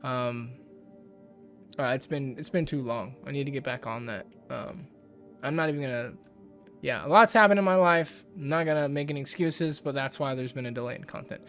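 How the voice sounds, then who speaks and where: A man who hosts on YouTube rambles through a casual ranting commentary vlog, sounding exasperated and using lots of fillers. His voice is medium-pitched and a bit bright, his pace moderate, with soft music playing in the background.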